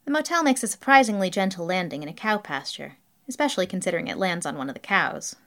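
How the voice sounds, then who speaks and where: A woman's voice: on the low side, animated, fast talker, fairly bright tone. A woman narrating a whimsical story in a dry, matter-of-fact reading.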